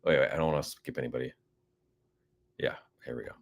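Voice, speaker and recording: Goofy excitable man hosting a giveaway. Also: very deep voice, a little fast, gravelly. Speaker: streamer running a giveaway. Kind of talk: casual live-stream chat.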